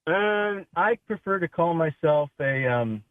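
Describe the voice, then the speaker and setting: A man's voice: a little high, animated, unhurried, no echo. A male caller on a talk radio show, lecturing emphatically in a preachy way over a phone line.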